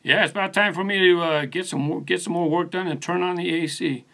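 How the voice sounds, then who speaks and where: A man's voice: high-pitched, fairly even intonation, a little fast, vocal fry, sharp tone. A man hosting his own channel, chatting casually on a live stream from his studio and answering viewers by name in a laid-back, rambling way, recorded on a phone set on a post. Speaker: channel host. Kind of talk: casual live stream chat reading comments.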